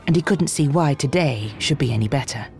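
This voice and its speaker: Steady audiobook narrator. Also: medium pitch, brisk, slight background noise. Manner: steady, expressive storytelling. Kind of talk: audiobook reading.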